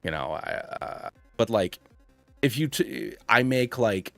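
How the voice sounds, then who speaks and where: Mężczyzna około trzydziestki, streamer, mówi swobodnie i chaotycznie, z mnóstwem wtrąceń. Ma dość niski głos, ale bardzo żywą intonację. Nagranie z mikrofonu przy biurku jest suche, a w tle cicho gra muzyka z gry. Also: male voice, fairly low pitch, expressive, unhurried, creaky, dry recording, faint music behind. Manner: rambling, filler-heavy, self-deprecating. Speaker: gaming streamer. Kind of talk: casual live-stream chat.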